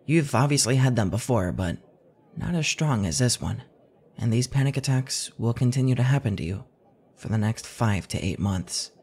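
A man giving scripted second-person horror narration in a measured, tense way. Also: medium pitch, lively intonation, a little mellow, breathy edge.

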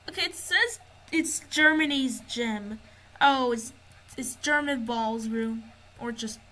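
A woman's voice: high-pitched, bright, forceful tone, low-quality recording. A woman giving casual gameplay commentary, narrating what she finds as she explores. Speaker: gamer.

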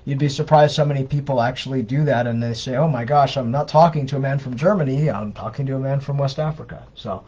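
A man's voice: medium pitch, quick pace, hardly any pauses, a little mellow, breathy edge. A man co-hosting a live question-and-answer stream, giving advice in a casual, conversational way with frequent fillers and restarts. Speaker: co-host answering viewer questions. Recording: dull lo-fi livestream audio.

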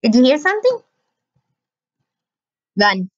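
A woman's voice: fairly high pitch, sing-song, a little slow, bright, forceful tone, no echo, highs cut off. A young woman giving playful, chatty commentary while playing a game. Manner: playful, chatty, reacting aloud. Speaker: gaming channel host. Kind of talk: casual gameplay commentary.

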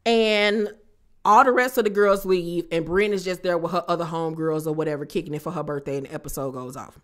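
A woman giving a casual, sassy recap of a reality TV episode, talking straight to her viewers with animated asides. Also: on the low side, fairly quick.

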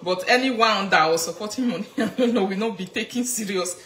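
A woman speaking Nigerian Pidgin, teasing and animated as she comments, laughing often. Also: mid-range voice, fairly quick, roomy sound, slight background noise. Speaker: vlogger. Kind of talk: casual commentary vlog.

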